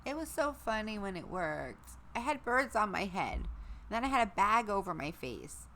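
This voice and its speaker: A middle-aged woman hosting a casual livestream, chatting to her viewers, her equipment and her dogs, her voice going hoarse. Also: medium pitch, sing-song, moderate pace, fairly bright tone. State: losing her voice. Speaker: livestream host.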